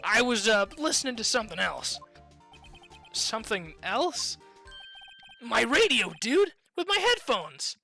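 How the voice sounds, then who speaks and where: A streamer voicing a brash, goofy young man on the witness stand, loud and slangy with a whiny edge. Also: mid-range voice, big pitch swings, a little slow, creaky, pauses often, soft background music, voice pushed up, exaggerated voice. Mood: flustered.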